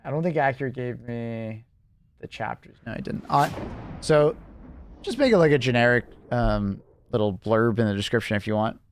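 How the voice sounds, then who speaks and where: A young man live-streaming and chatting casually with viewers, rambling with lots of fillers and quick laughs. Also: medium pitch, expressive, slight background noise.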